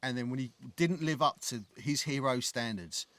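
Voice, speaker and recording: A man's voice: mid-range voice, normal speed, a bit bright, dry recording. Rambling man on a film podcast, dry sound. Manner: rambling, with frequent restarts and swearing. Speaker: podcast co-host. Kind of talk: casual film discussion.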